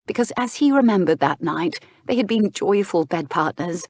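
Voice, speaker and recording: A woman narrating a historical romance audiobook in a measured, unhurried way, close to the mic. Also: on the low side, darkish tone, no echo.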